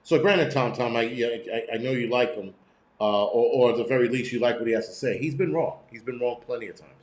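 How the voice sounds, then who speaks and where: A man's voice: medium pitch, fairly quick, roomy sound. A middle-aged man hosting a prepping channel, talking in a profane, blunt, rambling livestream rant from home. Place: room at home.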